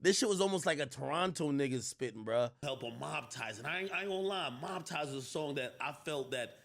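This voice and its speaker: Man in a clip, raspy fry, higher voice, casual slang, emotional halting talk. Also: lively intonation, fairly bright tone. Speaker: guest in a played clip.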